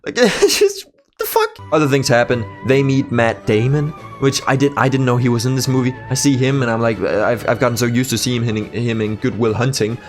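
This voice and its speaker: A man's voice: mid-range voice, lively intonation, a little fast, faint music behind. A young man giving a casual movie review, blunt and sweary, with sarcastic asides.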